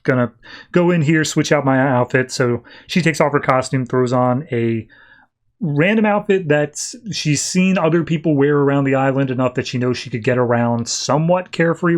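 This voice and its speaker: A man's voice: medium pitch, normal speed. A man hosting a podcast, recapping comics in a loose, chatty way that is full of "like". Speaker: podcast host.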